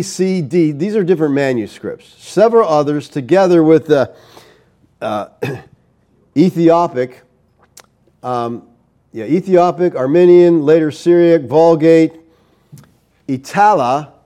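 A man's voice: fairly high pitch, warm tone. A middle-aged man preaching a sermon, explaining a Bible passage verse by verse and checking in with his listeners as he goes. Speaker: pastor.

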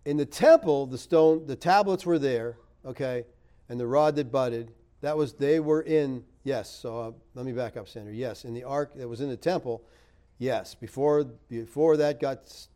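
Middle-aged man, pastor answering viewer comments; relaxed dark timbre, chatty and emphatic. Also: moderate pace. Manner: chatty, laughs often, rises emphatic then drops low. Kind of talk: casual live-stream chat reading comments.

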